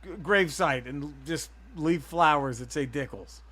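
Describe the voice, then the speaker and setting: Bright-voiced profane podcast host. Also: male voice, a little high, normal speed. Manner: profane, rambling, excitable storyteller. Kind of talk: casual chat.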